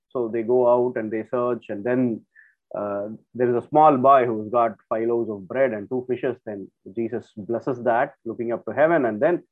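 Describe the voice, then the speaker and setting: A man in a middle register leads a casual Bible teaching, retelling each story in a loose, conversational way with plenty of fillers. The sound is narrow and tinny, like a voice coming through a phone. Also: medium pitch. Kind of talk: informal Bible teaching talk.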